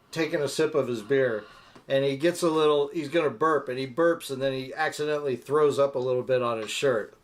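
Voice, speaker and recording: A middle-aged man co-hosting a casual live-stream chat, rambling and telling jokes while he acts out the voices in them. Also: mid-range voice. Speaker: co-host of a live motorcycle chat.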